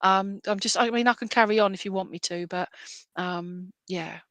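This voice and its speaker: A woman's voice: medium pitch, steady tone, moderate pace, a bit bright, no room sound. Chatty woman giving a medium's reading. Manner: chatty and rambling, with self-deprecating asides; reassuring, often checks in with "all right?". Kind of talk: clairvoyant reading at an online church service.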